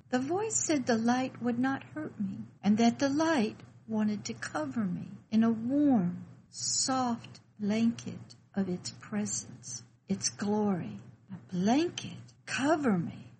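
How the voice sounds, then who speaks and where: A woman's voice: a little high, a little mellow, slight background noise, rough recording. A woman voicing a frightened, lonely spirit child hiding in darkness, who talks timidly and asks anxious questions in a scripted devotional story. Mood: bewildered.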